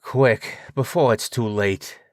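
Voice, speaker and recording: A man's voice: medium pitch, takes it slowly, no echo, studio quality, close to an everyday voice. A man voicing a young man trapped underground, frantic and pleading, then sadly resigned. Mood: urgent resigned.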